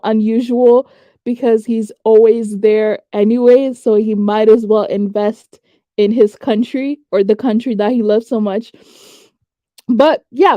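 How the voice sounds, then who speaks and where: A woman's voice: on the high side, mellow, no echo. A woman hosting a reaction video, talking casually and thinking aloud as she comments. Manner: conversational, thinks aloud with fillers and hedges.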